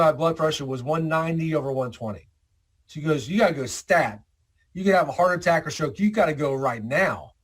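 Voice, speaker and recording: Man, guest speaker, animated storytelling, slightly high voice, acts out quotes. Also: breathy edge. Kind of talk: storytelling talk.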